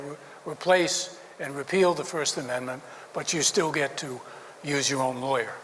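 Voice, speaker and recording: A man's voice: fairly high pitch, a bit bright, in a large hall, a little hiss or hum, poor audio. A middle-aged man, a newspaper publisher, giving an after-dinner speech with dry jokes and hesitant fillers.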